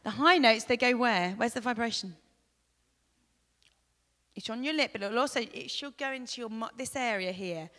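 A woman from England, teaching a live vocal masterclass, chatty and demonstrative, with loud sung demos and soft asides. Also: on the high side, moderate pace, pauses often, slight background noise. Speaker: vocal coach. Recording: long hall reverb.

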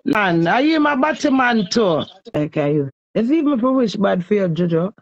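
A woman's voice: medium pitch, sing-song, normal speed, no room sound, muffled recording. A woman with a Jamaican accent ranting heatedly and scolding someone in a repetitive live stream.

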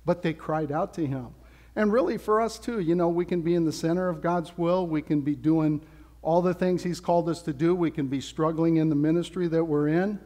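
Laid-back pastor guy preaching, kinda high but mellow voice, big hall echo. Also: a little fast. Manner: casual, conversational, playful asides. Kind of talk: sermon. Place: church sanctuary. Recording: long hall reverb.

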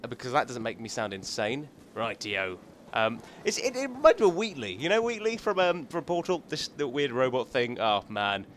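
A man's voice: mid-range voice, animated, moderate pace, few pauses, a bit bright, slight background noise. A man hosting a gaming channel, chatting and joking casually as he thinks aloud through gameplay commentary.

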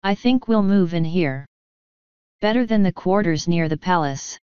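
A woman reads out a puffed-up, sneering watch captain full of bluster, pitched a touch low. Her tone is silky clear and the dull, muffled recording sounds close and dry. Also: expressive, unhurried, no room sound. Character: pompous bullying male watch captain. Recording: dull lo-fi audio.

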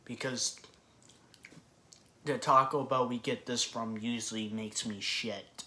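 A man's voice: mid-range voice, flat delivery, a little slow, pushed and bright. A man doing a casual eating vlog, talking bluntly and swearing freely as he complains. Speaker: food vlogger. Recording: echoey room with faint background noise.

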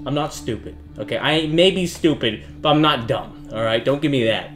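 A young man giving jokey, self-mocking let's play commentary that bursts into yelling when he is startled. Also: mid-range voice, normal speed, soft background music. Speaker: gaming youtuber.

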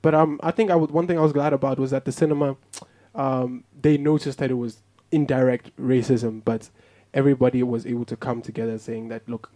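A young man from South Africa, a podcast guest telling a story in a relaxed chat, lively, laughing often and acting out what people said. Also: medium pitch, fairly quick, hardly any pauses.

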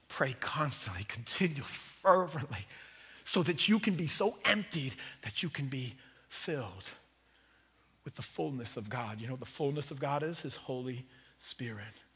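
A man preaching a sermon in a church, telling the story in a lively, conversational way with jokes. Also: medium pitch, husky. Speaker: pastor. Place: church sanctuary. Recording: reverberant church hall.

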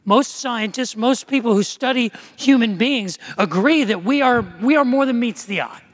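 Speaking at normal speed in a very high voice, a man preaches as pastor from a church sanctuary. His sermon unfolds as conversational storytelling with many restarts, and the recording has long reverb from the church.

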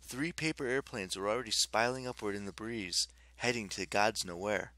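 A man narrating a fantasy novel as an audiobook in a steady storytelling delivery. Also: lowish voice, moderate pace, dry recording.

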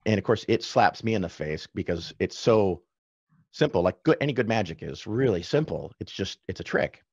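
A man guest on a podcast, casually telling anecdotes with quick asides and self-corrections. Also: on the low side, expressive, a little mellow, slightly rough, no echo, dull audio. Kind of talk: casual storytelling in conversation.

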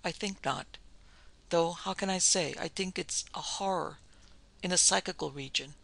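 A woman's voice: lowish voice, moderate pace, creaky, fairly bright tone. A man voicing an earnest, anxious Swedish lady in a classic ghost story reading, who speaks hesitantly and searches for her words. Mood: earnest, worried.

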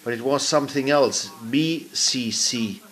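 A middle-aged man with a German accent delivers an angry, profane rant in English, his first language being German. He rambles, restarts and swears in a pitch that sits neither high nor low. It is an unscripted outburst from a frustrated business owner. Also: measured pace, fairly bright tone.

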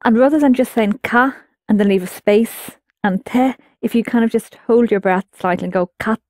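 A woman's voice: on the high side, moderate pace, darkish tone, no room sound, studio quality. A woman teaching a language lesson, explaining patiently and prompting her students to answer.

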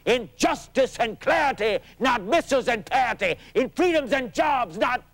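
A man's voice: very high voice, animated, moderate pace, fairly bright tone, pitched above the performer's own voice, heavily acted. A man doing an impression of a rhyming preacher-politician in a TV comedy sketch, with rhythmic, rousing oratory. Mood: defiant.

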